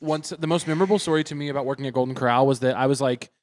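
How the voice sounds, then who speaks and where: A man's voice: medium pitch, fairly even intonation, racing, darkish tone. A man chatting casually as a podcast host, telling stories in a wry, blunt way with some swearing. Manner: wry storyteller, blunt and profane. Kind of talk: casual chat.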